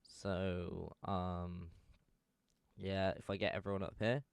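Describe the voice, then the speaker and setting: A man's voice: deep voice, little pitch movement, slow, creaky, clean tone, no room sound, clean studio sound. A young man giving casual fan commentary, rambling and correcting himself with lots of fillers.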